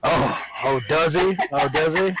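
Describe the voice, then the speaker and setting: A man's voice: fairly high pitch, unhurried, heavy background noise. A man co-hosting a casual chat show, heckling the others with crude jokes. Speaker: podcast co-host. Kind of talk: casual banter.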